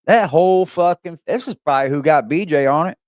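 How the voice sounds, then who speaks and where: A man hosting a live reaction stream, talking loudly and profanely in an animated way. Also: a little high, brisk, no echo, clean studio sound.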